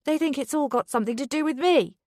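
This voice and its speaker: Brief: narrator puts on a tipsy, defensive wife, raised and sharp, close dry read. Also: female voice, high-pitched, fast, no echo, pitched above the performer's own voice, natural voice. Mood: drunk, angry. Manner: heated, slurred and defensive. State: drunk.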